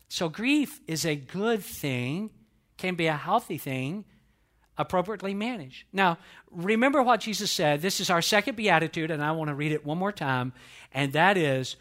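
A man's voice: fairly high pitch, animated, moderate pace, fairly bright tone. A middle-aged male pastor preaching a sermon in an earnest, conversational way, with repetitions and restarts.

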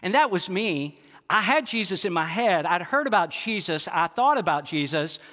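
A man with a high, bright voice preaches to a congregation, earnest and confessional, checking in with the crowd as he goes. His voice rings out with a long reverb, as in a large church sanctuary. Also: lively intonation, moderate pace. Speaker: pastor. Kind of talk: sermon.

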